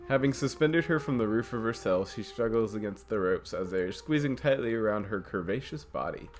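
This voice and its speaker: A man narrating a visual novel playthrough as host, relaxed and casual, stumbling now and then. His voice sits low, and quiet music plays faintly behind him. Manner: casual, with small slips and restarts.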